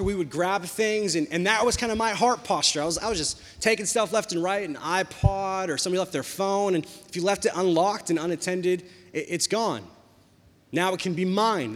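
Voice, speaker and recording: A young man preaching a sermon, telling a personal story in a lively, conversational way. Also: sits high. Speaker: pastor. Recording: long hall reverb.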